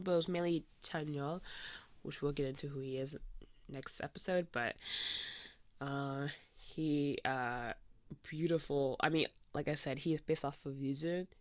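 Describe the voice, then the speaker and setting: Low-pitched and recorded without echo, the podcast host wanders through a casual chat as she draws, her talk filled with "um" and "like."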